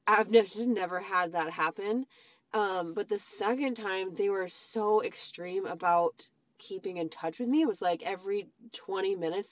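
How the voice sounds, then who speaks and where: A woman casually telling her own story straight to her viewers, rambling, with many "like" and "um" fillers. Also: medium pitch. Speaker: storyteller recounting a relationship. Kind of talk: casual personal storytelling to camera. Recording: slightly dull lo-fi sound.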